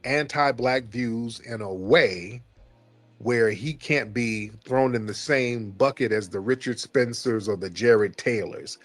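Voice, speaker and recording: A man's voice: medium pitch, no room sound. A man hosting a call-in stream, taunting and mocking a caller in a heated argument.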